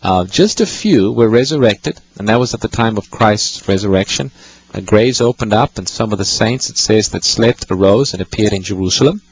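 A man's voice: lowish voice, normal speed, breathy edge, low-quality recording. A man hosting a call-in radio show, patiently explaining Bible passages to callers. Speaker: radio Bible-teaching host.

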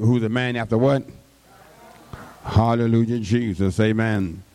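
In a mid-range, somewhat dark voice, a man preaches a sermon. He draws out his words and frequently breaks in with call-and-response interjections to the congregation.

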